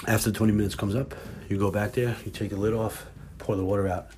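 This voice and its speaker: A man hosting his own podcast, talking casually and swearing a lot as he tells animated workplace stories, then giving cooking tips more calmly and quietly. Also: on the low side, quick pace, slight background noise. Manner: animated storytelling with lots of swearing. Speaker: podcast host. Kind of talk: casual monologue.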